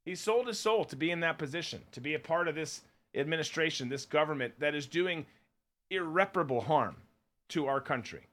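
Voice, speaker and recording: A man's voice: on the high side, lively intonation, a little fast, a bit bright. A man co-hosting a podcast, ranting bluntly and sarcastically in political commentary. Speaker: podcast co-host.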